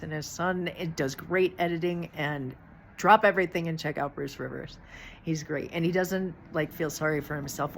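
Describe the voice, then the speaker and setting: A middle-aged woman with a low-pitched voice talks through a loose, rambling monologue, frank and chatty, with the odd curse. A faint hum sits under the recording. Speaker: channel host. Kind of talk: casual monologue.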